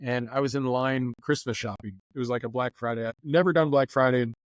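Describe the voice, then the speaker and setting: A man, a news anchor, telling lively anecdotes as a podcast guest and acting out the people he quotes. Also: mid-range voice, fast talker, no echo, lo-fi sound. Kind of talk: casual interview storytelling. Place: lives in Florida.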